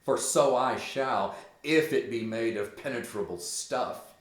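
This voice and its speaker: A man voicing a bitter, intense young prince, reading the verse in a measured, emphatic way. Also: mid-range voice, natural voice. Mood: grim. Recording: echoey room.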